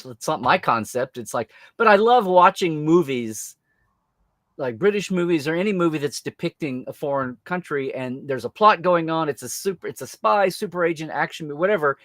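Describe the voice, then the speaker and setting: A man's voice: a little high, lively intonation, a little fast, fairly bright tone, no room sound, clean studio sound. An American man hosting a casual live-stream chat, rambling with restarts and reading viewer comments aloud. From United States. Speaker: host.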